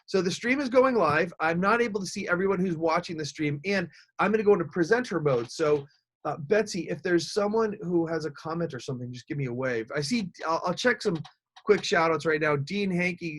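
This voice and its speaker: A man presents a live webinar from a home office, using his computer mic on a video call. His voice sits a little high. He is energetic and upbeat as he coaches his viewers directly. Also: a little fast. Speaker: speaking coach hosting a webinar.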